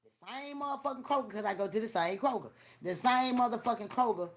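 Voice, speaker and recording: A woman hosting a livestream, telling profane, animated stories in casual chat with lots of repetition. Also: a little high, fast talker, slight background noise. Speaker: livestream host. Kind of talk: casual storytelling to a live audience.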